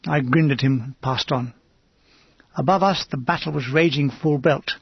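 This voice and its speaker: A man reading a war memoir aloud in an understated, measured first-person manner. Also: a little high, creaky, breathy edge, dry recording, lo-fi sound. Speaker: audiobook reader. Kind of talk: audiobook memoir narration.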